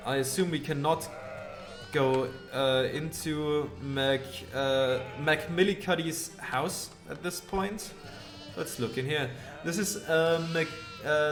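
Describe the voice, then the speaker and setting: A man whose first language is not English streams a game, reading its text aloud and muttering hesitant asides. He speaks slowly with a slightly high voice. Faint game music plays under him. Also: a bit bright.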